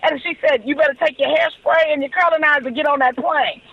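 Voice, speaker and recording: A woman in her forties tells her story as a podcast guest, slipping into each person's voice as she quotes them. Her voice sits very high, and the recording sounds dull and lo-fi. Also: fast talker, no echo. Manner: animated storyteller who acts out quoted dialogue.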